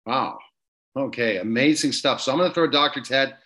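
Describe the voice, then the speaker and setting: A male talk show host sets things up eagerly, stumbling over restarts as he goes. His voice sits at an ordinary pitch. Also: moderate pace, sharp tone. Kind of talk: casual interview chat.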